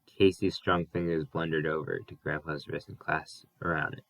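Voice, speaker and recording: A man reading a novel aloud as an audiobook, careful and unhurried, with small slips he corrects. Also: extremely low pitch, steady tone, vocal fry, a bit bright, low-quality recording. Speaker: audiobook reader. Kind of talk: audiobook narration.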